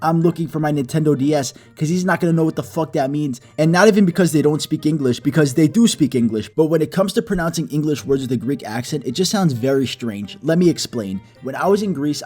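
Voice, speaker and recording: A young man narrating a comedic story in a profane, animated, self-mocking way. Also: a little high. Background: soft background music.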